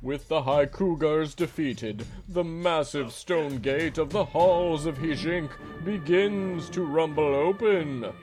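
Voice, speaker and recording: A man's voice: a little high, takes it slowly, hardly any pauses. A man narrating a comedy tabletop fantasy game as game master, in a grandiose mock-epic manner. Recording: music bed behind.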